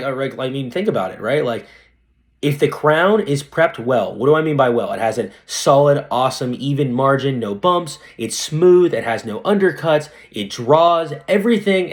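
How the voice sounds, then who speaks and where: A young man, a dentist guest on a podcast, chatting casually and animatedly, full of slang. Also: a little high. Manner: animated, slangy, says dude a lot. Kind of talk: casual interview chat.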